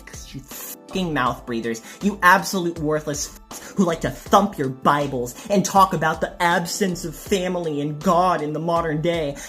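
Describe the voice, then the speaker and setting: Scornful swearing woman. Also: fairly low pitch. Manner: scornful, insulting, profane. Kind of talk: angry political rant video.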